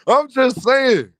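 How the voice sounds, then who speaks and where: A man's voice: fairly high pitch, a bit bright, no echo. A man hosting a livestream, teasing and trash-talking chat members with frequent laughter. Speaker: livestream host. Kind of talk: casual livestream banter.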